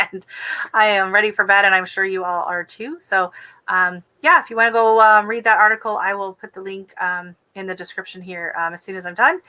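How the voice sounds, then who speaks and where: A woman's voice: medium pitch, fairly even intonation, normal speed, sharp tone. A tired woman hosting a gardening live stream, chatting in a rambling, casual way. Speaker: gardening channel host.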